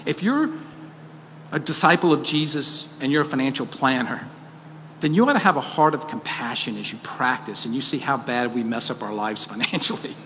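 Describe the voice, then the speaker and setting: A man's voice: medium pitch, animated, moderate pace, a bit bright, a little hiss or hum. A man preaching a sermon, earnest and questioning, rising to emphatic peaks. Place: church auditorium. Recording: long hall reverb, faint ambience.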